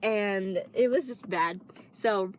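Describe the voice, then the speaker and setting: A woman's voice: medium pitch, slow, a little hiss or hum. A teenage girl casually telling a long personal story, rambling with lots of fillers and restarts. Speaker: vlogger.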